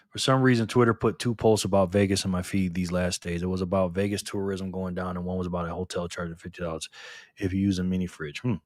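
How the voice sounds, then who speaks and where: A middle-aged man hosting a casual live stream, lively and teasing, laughing often as he reacts to chat. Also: sits low, a little fast, dry recording, studio quality.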